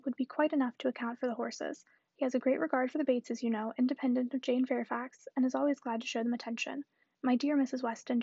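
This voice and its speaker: Woman reading a classic novel out loud, high voice, gravelly and husky, kinda dull dry recording. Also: no echo. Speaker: audiobook reader.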